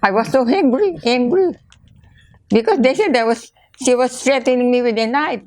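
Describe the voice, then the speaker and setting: An older woman with a Filipino accent, recounting memories in a halting way, repeating words and slipping into Tagalog. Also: fairly high pitch, a little mellow. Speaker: interviewee. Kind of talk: casual storytelling interview.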